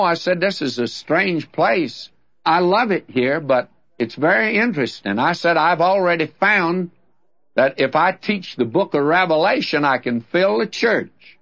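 Folksy older Southern radio preacher. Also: male voice, on the high side, a bit bright. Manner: folksy, conversational preaching with storytelling. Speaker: radio Bible teacher. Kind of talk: radio Bible teaching. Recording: dull lo-fi old radio recording.

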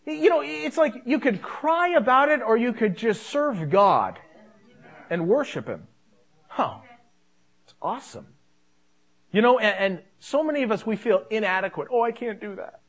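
A man's voice: high-pitched, sing-song, unhurried, pauses often, fairly bright tone. A man preaching a sermon in a conversational way, repeating phrases for emphasis.

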